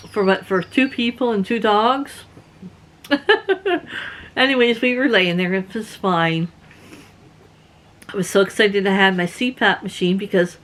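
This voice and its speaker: A woman from Canada casually telling personal stories as a vlogger, chatty and quick to laugh. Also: a bit bright, a little hiss or hum. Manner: chatty, laughs often, acts out quotes in a higher voice. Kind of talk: casual storytelling.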